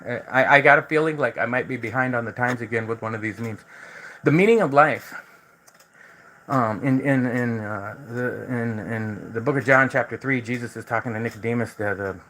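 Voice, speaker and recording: A man's voice: mid-range voice, fairly quick, hardly any pauses, sharp tone, poor audio. A man hosting a casual livestream, talking in a loose, rambling way that is full of repeated words and restarts. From United States. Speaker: livestream host.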